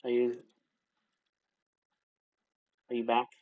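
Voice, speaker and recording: A man's voice: medium pitch, completely flat delivery, fast, narrow, tinny audio. A young man narrating as game master in casual, laugh-filled speech with many fillers.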